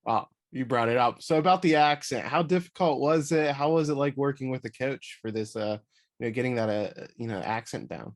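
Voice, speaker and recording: A man's voice: mid-range voice, fairly quick. Chatty male interviewer, full of fillers. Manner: chatty and upbeat, with many "like" and "you know" fillers. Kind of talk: casual video interview.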